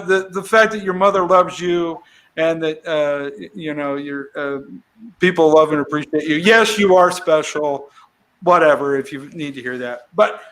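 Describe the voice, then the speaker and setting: A man with a high, bright voice chats as a comedian guest in an interview. He tells stories in an animated way and acts out the lines he quotes with whoops and cheers. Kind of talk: casual interview chat.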